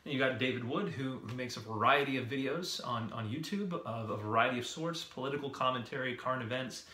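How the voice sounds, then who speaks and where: A man co-hosts a video series and talks the viewer through ideas in a relaxed, explanatory way. He keeps posing rhetorical questions. His voice is bright, his pitch sits in the middle, and the room is noticeably echoey. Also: fairly quick. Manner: poses repeated rhetorical questions. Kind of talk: casual explanatory talk to camera.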